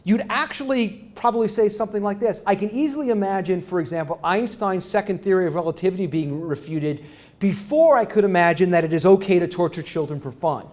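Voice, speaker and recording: A man's voice: high-pitched, fairly quick, a little mellow. A middle-aged man giving an academic lecture, often restarting phrases and checking with the audience. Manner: rambling restarts, asks the audience "right?". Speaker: university lecturer.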